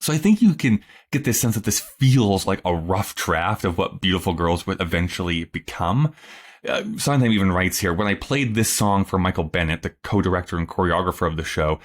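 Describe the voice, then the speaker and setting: Chatty low-voiced male podcast host. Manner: chatty, musing, lots of fillers. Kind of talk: casual podcast commentary.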